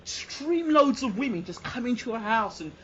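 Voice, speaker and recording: A man's voice: very high-pitched, normal speed, muffled recording, heavy background noise. A British man hosting a casual interview, telling stories with animation and frequent laughter. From United Kingdom. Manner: animated storyteller, laughs often. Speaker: host.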